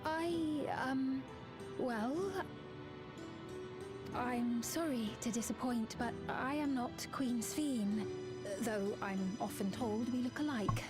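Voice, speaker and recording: A wistful, solemn young noblewoman. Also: fairly high pitch. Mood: flustered. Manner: slow, measured and earnest. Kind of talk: video game cutscene voice acting. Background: game soundtrack music.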